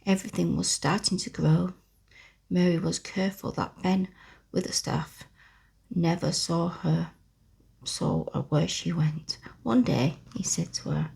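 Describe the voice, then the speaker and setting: A low, gravelly-fried voice whispers a bedtime story breathily and huskily, an ASMR storyteller doing whispered role-play. She reads slowly and softly, taking her time over each phrase close to the microphone.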